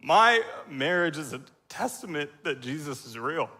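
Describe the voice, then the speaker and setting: A man in his thirties giving an emotional sermon testimony from a church stage on a stage mic, crying as he speaks, halting and clearing his throat often. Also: on the high side, animated, bright, forceful tone.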